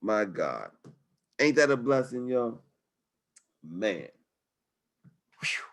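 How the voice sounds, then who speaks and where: A man's voice: mid-range voice, sing-song, extremely slow, a bit bright. A man hosting a live webinar over a video call, talking in an upbeat, slangy, hyped-up way. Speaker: webinar host. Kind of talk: live webinar sales talk.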